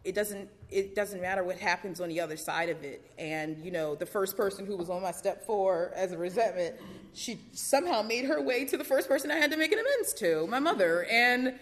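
A woman's voice: mid-range voice, animated, fairly quick. A woman giving a candid personal testimony at a recovery meeting, chatty and full of fillers and laughter.

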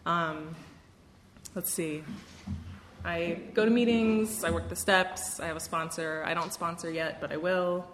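A woman's voice: lowish voice, steady tone, measured pace, a bit bright, reverberant, a little hiss or hum. A young woman from Wisconsin giving a candid, self-deprecating personal testimony at a recovery meeting, with a lot of fillers and laughter.

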